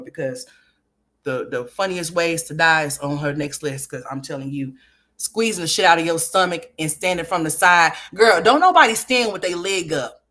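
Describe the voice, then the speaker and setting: A woman's voice: low-pitched, normal speed, fairly bright tone. A woman hosting a gossip commentary livestream, profane and trash-talking, laughing often and talking straight to her viewers. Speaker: livestream host.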